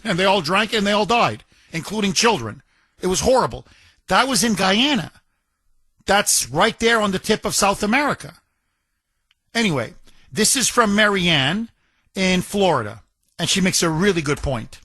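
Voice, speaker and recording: A man's voice: sits high, lively intonation, moderate pace, sharp tone, slightly rough, no room sound. A man hosting a talk radio show, delivering an indignant, emphatic monologue and often stumbling over and repeating his words.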